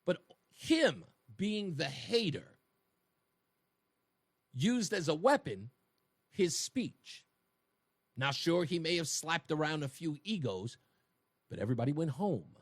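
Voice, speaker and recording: A male talk radio host speaks into a studio microphone in a high voice that swings widely in pitch. He drives his points home emphatically and keeps firing rhetorical questions at his audience. The sound is close and dry. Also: very animated, slow, pauses often, no echo. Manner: emphatic, rhetorical, addresses listeners directly.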